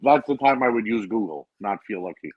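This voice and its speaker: Very deep husky man in dry sound. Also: animated, fairly quick, no room sound, muffled recording. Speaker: podcast co-host. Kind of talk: casual chat.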